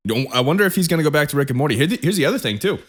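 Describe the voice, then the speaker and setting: A man's voice: fairly high pitch, animated. A young man co-hosting a podcast in casual, laid-back chat, often chuckling. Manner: laid-back, chuckling, quick rattled intro. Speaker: podcast co-host.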